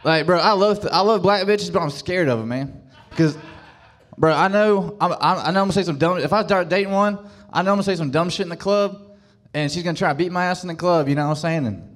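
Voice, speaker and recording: A man's voice: high voice, fast talker. A man doing a stand-up set on a club stage, hesitant, full of stammered restarts. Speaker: stand-up comedian.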